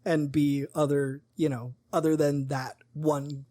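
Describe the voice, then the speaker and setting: Mid-pitched co-host, enthusiastic, asks questions, dry close recording. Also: little pitch movement, mellow, no echo. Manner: enthusiastic, quick to agree and laugh. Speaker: podcast co-host. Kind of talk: casual chat.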